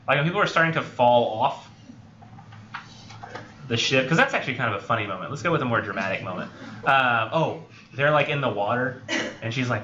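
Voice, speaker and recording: A man's voice: medium pitch, a bit bright, a little hiss or hum. A young man teaching a college writing class, talking loosely with many fillers and acting out film scenes to make his points. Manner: rambling, filler-heavy, acts out film scenes. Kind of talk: classroom lecture. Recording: roomy, dull lo-fi classroom recording.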